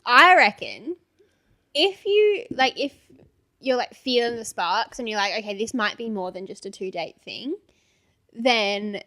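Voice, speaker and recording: A woman's voice: a little high, animated, a little slow, pushed and bright. A young Australian woman co-hosting a podcast, giggly and easily amused while giving advice. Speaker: podcast co-host. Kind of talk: casual chat, giving advice.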